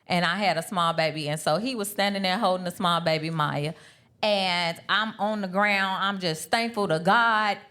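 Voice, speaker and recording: A woman's voice: on the low side, moderate pace, sharp tone. A woman co-hosting a live podcast panel, telling a personal story in an earnest way and repeating her points for emphasis. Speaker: podcast co-host. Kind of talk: candid chat at a live brunch panel.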